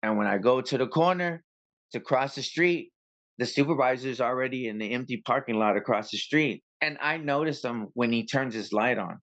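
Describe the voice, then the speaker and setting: A copwatcher guest, a man, shares a story during an interview with casual animation, taking on both roles in an argument. He speaks at a medium pitch and a moderate pace.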